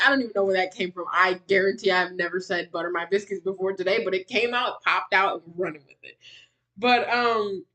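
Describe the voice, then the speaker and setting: A woman's voice: medium pitch, pushed and bright. A woman livestreaming, ranting with exasperation while reacting to a clip of someone else. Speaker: commentary streamer reacting to a clip. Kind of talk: reaction commentary.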